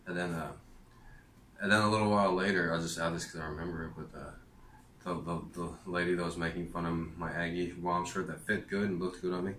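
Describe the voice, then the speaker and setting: A man with a very deep voice tells a loose, rambling personal story straight to camera. He stops and restarts his sentences and leans on fillers, and the sound has a roomy echo. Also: flat delivery, fairly quick, a bit bright, a little hiss or hum. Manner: meandering, many fillers and restarts. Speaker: vlogger.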